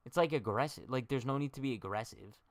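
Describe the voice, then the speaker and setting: A man's voice: mid-range voice, fast, dry recording. Chatty young man streaming baseball talk. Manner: chatty, jokey, talks to chat directly. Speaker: livestream baseball host. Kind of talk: casual livestream chat.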